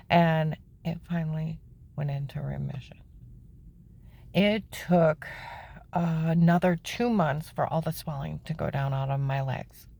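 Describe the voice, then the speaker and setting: Woman, lowish voice, candid personal testimony, emphatic and indignant, tosses in "okay?" asides. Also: creaky, darkish tone. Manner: emphatic and indignant, voice climbing high when upset; plain-spoken, with frequent "okay?" asides. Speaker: storyteller recounting her own life.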